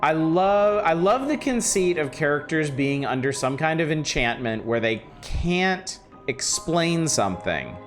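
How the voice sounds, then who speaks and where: A man's voice: on the high side, big pitch swings, measured pace, few pauses, faint music behind. A man streaming a game live, reacting and commenting in a casual, enthusiastic way. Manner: reactive, easily startled, enthusiastic.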